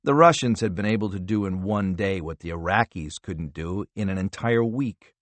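A man reading a thriller audiobook in an expressive, measured narration style. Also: sits low, no echo.

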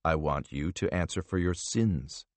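A man voicing a calm, menacing male interrogator who speaks softly and slowly with quiet threat. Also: low voice, dry recording, voice pushed down. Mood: calm menace. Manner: soft, slow, quietly threatening.

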